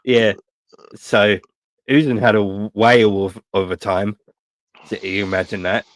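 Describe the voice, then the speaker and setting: A man, co-hosting a casual podcast chat, swearing freely as he rambles through animated anecdotes. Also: lowish voice, unhurried, no echo. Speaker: podcast co-host.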